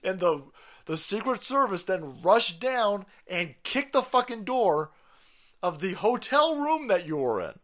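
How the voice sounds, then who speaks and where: Loud crude animated male streamer. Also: sits high, unhurried. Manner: crude, mocking, laughs often. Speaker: podcast host. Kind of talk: profane comedic political rant.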